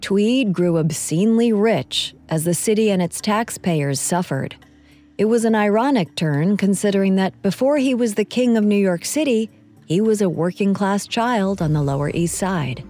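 A female podcast host narrates a historical story in a measured, composed manner. Her voice is mellow and warm, with faint music at times. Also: mid-range voice, expressive.

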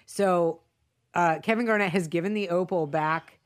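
A woman in casual conversation, retelling movie scenes with quick quoted asides. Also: on the low side. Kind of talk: casual film discussion.

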